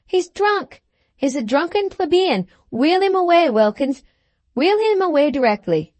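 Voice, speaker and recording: A woman's voice: high-pitched, very animated, moderate pace, no echo. A woman voicing a fierce, pompous little captain who blusters and roars at his servants. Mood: blustering. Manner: blustering, roaring, wrathful.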